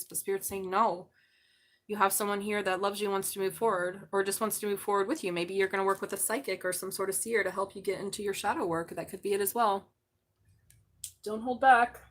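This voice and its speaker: Bright sharp-voiced lady doing a live tarot reading, gets loud then drops to murmurs. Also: mid-range voice. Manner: excitable, swings from loud exclamations to murmurs. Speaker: tarot reader.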